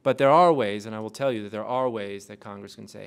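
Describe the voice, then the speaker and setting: Gravelly man quizzing a class. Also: lowish voice. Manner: quizzes the audience with rapid questions. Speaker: lecturer on intelligence oversight. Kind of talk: interactive classroom lecture.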